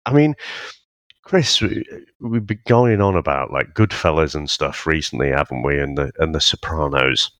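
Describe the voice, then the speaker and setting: A man co-hosting a casual film review podcast, talking in a halting, thoughtful way with many restarts. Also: very deep voice, animated, a bit bright, no echo, studio quality. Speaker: podcast co-host.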